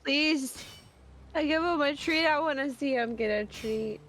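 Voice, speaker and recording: A woman's voice: high-pitched, measured pace, fairly bright tone, a little hiss or hum. A woman co-streaming a game, chatting playfully and gushing. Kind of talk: casual live-stream chat.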